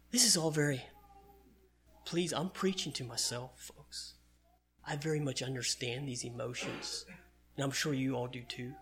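A man's voice: mid-range voice, fairly bright tone. A man preaching a sermon in an earnest, conversational way, reading and explaining scripture.

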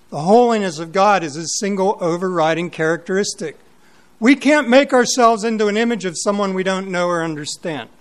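A man preaching a sermon, emphatic and questioning, repeating words for weight. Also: high voice.

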